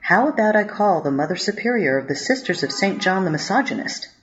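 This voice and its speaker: A woman's voice: fairly low pitch, animated, brisk, a little hiss or hum, voice pushed up, lightly acted. A woman voicing a fussy, flustered male parish priest in a narrated story. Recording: dull lo-fi audio.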